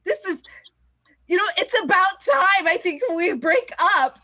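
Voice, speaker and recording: A woman's voice: very high voice, very animated, unhurried, pushed and bright, exaggerated voice. A woman improvising a restless young woman who is blunt and exasperated with her fiancé, on a video call. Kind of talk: improv scene.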